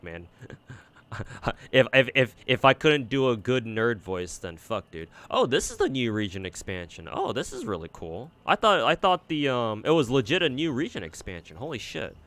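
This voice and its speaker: A man's voice: lowish voice, sharp tone. A man streaming a game, giving casual commentary and rambling with lots of swearing and restarts. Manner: rambling, profane, frequent fillers and restarts.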